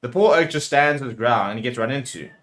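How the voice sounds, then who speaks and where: A man's voice: mid-range voice, lively intonation, fairly quick, a bit bright. A man hosting a rugby watchalong, calling the play live and getting heated with the referee. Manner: partisan play-by-play calls. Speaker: watchalong host.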